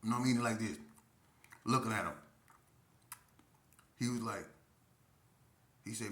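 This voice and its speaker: Guy telling a funny story, slangy and animated, bright sharp voice, echoey room. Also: fairly low pitch, measured pace, pauses often. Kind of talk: casual comic storytelling.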